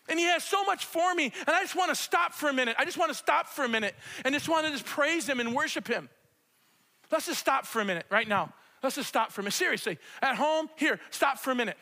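High-voiced animated man preaching. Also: fast. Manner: animated, repetitive, talks straight to the congregation. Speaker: pastor. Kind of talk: conversational sermon with spoken prayer. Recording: long hall reverb.

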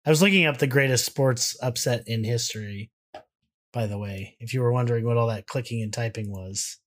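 A man's voice: medium pitch, fairly quick. A man co-hosting a podcast in casual chat, rambling with restarts and laughing easily. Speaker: podcast co-host.

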